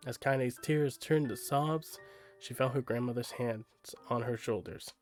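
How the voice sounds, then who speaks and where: A man's voice: mid-range voice, steady tone, unhurried, faint music behind. A man reading a novel aloud on a live stream, casual and prone to little asides. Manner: casual, stops for asides and laughs at slips.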